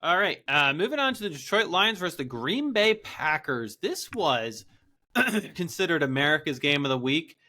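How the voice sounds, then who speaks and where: Man, sharp bright tone, sports podcast co-host, upbeat. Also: on the high side, very animated, normal speed. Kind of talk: casual fantasy football chat.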